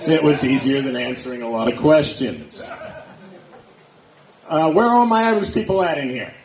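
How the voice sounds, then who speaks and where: Lively self-mocking stand-up guy in a club. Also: medium pitch, normal speed, a crowd in the background. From Erie, Pennsylvania. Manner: self-deprecating, punchy deadpan delivery. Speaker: stand-up comedian. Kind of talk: stand-up comedy set with crowd work. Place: comedy nightclub stage. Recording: echoey club room.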